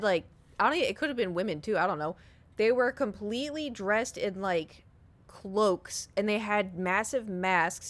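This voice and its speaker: A young adult woman streams and chats casually with her viewers, telling a story in a mid-range voice. She's animated and giggly and swears freely.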